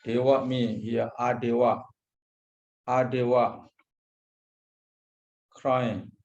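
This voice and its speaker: Male Buddhist monk teacher, unhurried lecture with repeated terms, dull low-fi recording. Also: flat delivery, creaky, darkish tone. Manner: slow, repeats Pali terms, frequent hesitations. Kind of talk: lecture on a Pali text.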